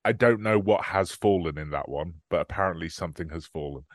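A man's voice: low-pitched, brisk, no echo. Dry-sounding man co-hosting a film podcast. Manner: laughs often, lists titles energetically. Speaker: podcast co-host. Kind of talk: casual film-review chat. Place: remote recording, apart from co-host.

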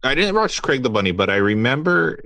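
A man co-hosting a casual podcast chat, animated and jokey, often affirming his partner. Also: medium pitch, brisk, dry recording. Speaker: podcast co-host.

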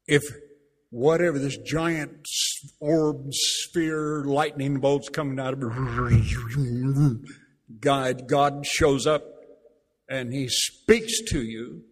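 A man preaching a sermon, emphatic, repeating key phrases and slowing down to read scripture aloud. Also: mid-range voice. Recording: long reverb of a large hall.

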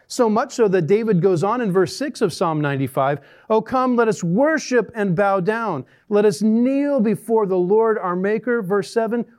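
A man preaching a sermon, reading scripture and telling jokes in an animated, dramatic way. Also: high-pitched, normal speed, hardly any pauses. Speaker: pastor.

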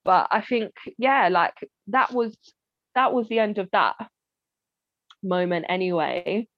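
A woman's voice: mid-range voice, a little slow, dry recording. A woman, telling a personal family story to an interviewer in a candid, heartfelt way and often acting out what relatives said. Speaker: interview guest. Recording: dry, slightly dull lo-fi sound.

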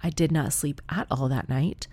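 A woman's voice: sits low, steady tone, normal speed, a little mellow, dry recording. A woman telling a comic story in a chatty, wry, profane way.

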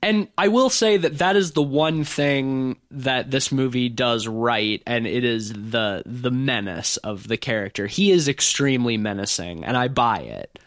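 A man co-hosting a podcast, giving opinionated, animated takes on a horror film in casual chat. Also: medium pitch, a little slow, hardly any pauses, no room sound, clean studio sound. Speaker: podcast co-host.

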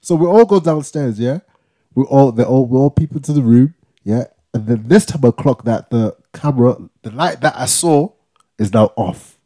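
A young male podcast co-host animatedly retells a story in casual chat, acting out quotes with slang and ending lines with "yeah?" His medium-pitched voice is expressive and mellow at a moderate pace.

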